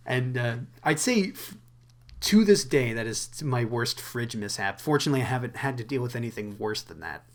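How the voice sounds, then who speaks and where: A man's voice: medium pitch, animated, moderate pace. Laid-back young man telling a rambling story. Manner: rambling, laughing, profane storytelling. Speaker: podcast co-host. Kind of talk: casual chat.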